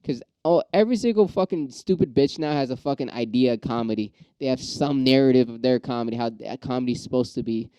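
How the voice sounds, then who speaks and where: A man's voice: mid-range voice, fast talker, few pauses, clear, resonant tone, no room sound, low-quality recording. A man, an aspiring stand-up comic, in a casual, profane, rambling monologue that flares up and then settles. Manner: profane, rambling ranting with restarts; gets riled up then calms.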